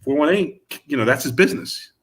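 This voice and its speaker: A man's voice: mid-range voice, animated, a little fast, fairly bright tone. A middle-aged man, a music manager, talking in a casual interview and rambling with many restarts and fillers. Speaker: music manager and producer guest.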